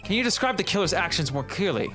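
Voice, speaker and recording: A man's voice: high-pitched, sing-song, fast, over music, pitched above the performer's own voice. A man voicing an earnest, easily flustered young male defense attorney in a fan-dubbed courtroom game.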